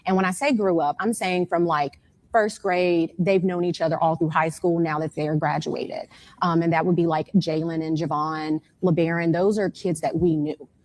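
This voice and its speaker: A woman's voice: low-pitched, moderate pace. A woman in her forties, the mother of a missing young man, giving an emotional first-hand account in an interview and acting out what others said to her. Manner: animated storytelling that acts out the other people's words.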